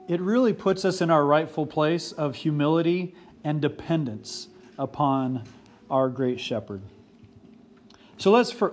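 Male pastor, 40s, fairly high voice, earnest sermon delivery with repeated emphasis.

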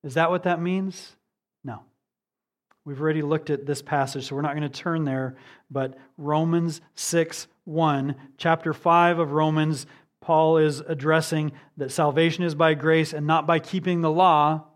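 A man's voice: on the high side, steady tone, measured pace. Earnest male preacher, rhetorical questions. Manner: earnest, rhetorical questions, swings from emphatic to hushed. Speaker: pastor. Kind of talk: sermon.

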